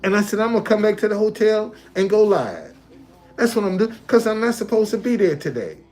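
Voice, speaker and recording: A man's voice: high-pitched, big pitch swings, a little fast, darkish tone. A man talking casually on a livestream from a hotel, looping back and repeating his points. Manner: repetitive, loose conversational, restates points. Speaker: live streamer.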